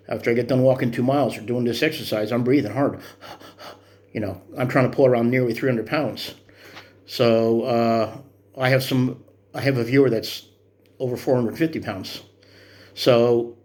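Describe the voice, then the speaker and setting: A man's voice: mid-range voice, fairly even intonation, normal speed, long pauses, darkish tone. A man in his fifties talking through his workout progress in a vlog, earnest and encouraging in a rambling way. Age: 50s. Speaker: vlogger. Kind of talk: motivational fitness vlog.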